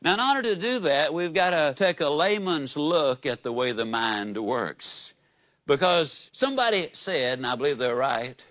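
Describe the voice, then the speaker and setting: A man's voice: a little high, lively intonation, moderate pace, fairly bright tone, no room sound. A man giving a live motivational speech, telling folksy stories and asking the audience questions. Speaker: motivational speaker.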